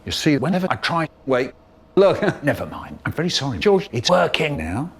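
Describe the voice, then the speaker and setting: A man telling a comedy story in an edited clip, in an animated, exaggerated way. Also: a little high, normal speed, husky.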